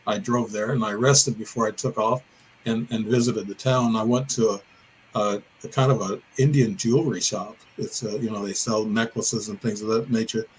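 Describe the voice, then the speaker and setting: Speaking at a moderate pace in a fairly low, steady voice, this older Illinois man tells a podcast audience about an encounter he had. The story wanders and he corrects himself along the way; the rough recording has a bit of background noise.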